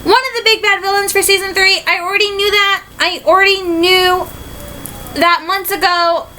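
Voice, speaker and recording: A woman from Michigan giving a rambling, excitable fan reaction in a casual vlog, full of fillers. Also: very high voice, normal speed, slight background noise, poor audio. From Michigan, USA. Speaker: vlogger reacting to a trailer.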